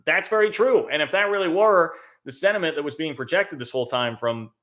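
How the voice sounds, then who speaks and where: Man, sports talk host, live-stream commentary, bright forceful tone, emphatic, conversational. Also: a little high, animated, brisk. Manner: conversational, emphatic, thinking aloud. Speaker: college football show host.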